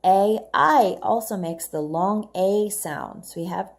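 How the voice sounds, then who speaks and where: A woman's voice: medium pitch, takes it slowly, vocal fry. A woman teaching children English phonics, patiently asking questions and praising their answers.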